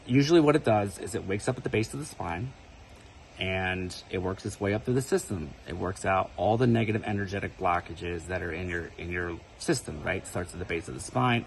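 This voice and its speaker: A man's voice: deep voice, gravelly, darkish tone, a little hiss or hum, low-quality recording. A man casually telling a personal spiritual story to camera, talking conversationally and often checking in with "right?". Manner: conversational, keeps asking "right?". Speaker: spiritual video creator.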